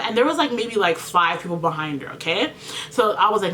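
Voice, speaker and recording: Speaking quickly and animatedly in a pushed, bright mid-range voice, a woman shares a painful story in an emotional get-ready-with-me video, with slight background noise. Close to tears, she chats on with lots of "like" and keeps calling her audience "you guys."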